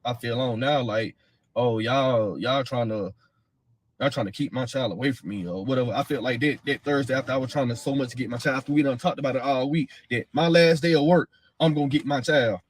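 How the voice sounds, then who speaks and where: A man's voice: medium pitch, a little fast, no room sound. A man telling his own account in a blunt, heated way, swearing and repeating himself. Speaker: father of a missing woman's child. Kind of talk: casual first-person account.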